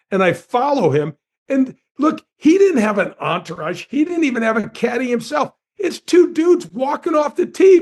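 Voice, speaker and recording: A man in his sixties, a former golf pro, telling a long anecdote with lively swings in his voice and often addressing the host by name. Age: 60s. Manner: lively storyteller with big pitch swings.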